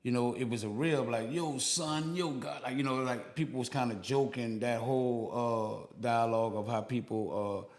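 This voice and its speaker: A man's voice: mid-range voice, steady tone, moderate pace, darkish tone. A man with a New Orleans accent, co-hosting a podcast and musing in casual chat, full of fillers and restarts. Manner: reflective, rambling with many fillers. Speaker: podcast co-host.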